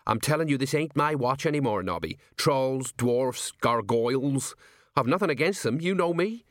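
A man's voice: medium pitch, animated, moderate pace, fairly bright tone, no echo, clean studio sound, pitched above the performer's own voice, close to an everyday voice. Brief: male narrator doing a rambling older sergeant, folksy and set in his ways. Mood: grumbling. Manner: folksy, rambling, common speech.

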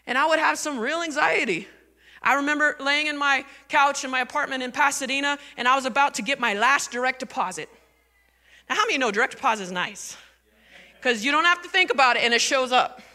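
Woman, pastor, conversational sermon, asks the crowd questions, bright voice, long church reverb. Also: sits high, brisk. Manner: conversational and animated, asking the congregation questions.

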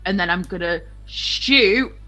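A bright-voiced player in a tabletop game talks slowly, thinking aloud about what her character does and laughing along. Faint music sits behind her. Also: medium pitch.

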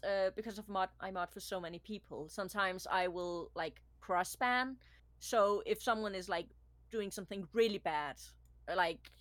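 A young woman who moderates streams, telling stories in a chatty, animated way with lots of fillers. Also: mid-range voice, no room sound. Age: young adult. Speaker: Twitch moderator. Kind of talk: casual podcast chat.

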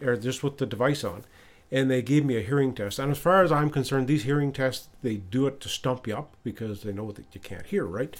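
Man telling a personal story on a podcast. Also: mid-range voice. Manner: retells dialogue with frequent restarts and repeated words. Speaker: podcast host. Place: lives in Ottawa.

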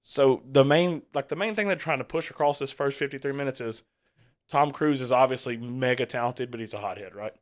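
A man hosting a casual movie reaction chat, talking in a rambling, halting way with lots of fillers and restarts. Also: medium pitch. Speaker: host leading a movie reaction.

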